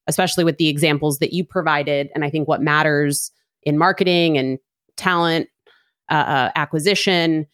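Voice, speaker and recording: A woman with a notably low voice gives a measured, plain-spoken take on marketing. The recording is dry and close. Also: dry recording. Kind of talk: conversational business talk.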